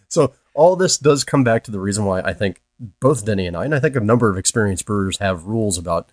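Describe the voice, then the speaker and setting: A man's voice: on the low side, animated, fast talker, no echo. A man co-hosting a podcast, telling brewing disaster stories and reading listener letters in a dry, wry way. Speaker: podcast co-host.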